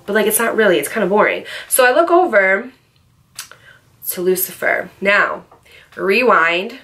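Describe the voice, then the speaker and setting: A woman vlogger telling a personal story in a chatty, animated way, with lots of fillers and asides. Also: medium pitch, measured pace. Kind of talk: storytime vlog.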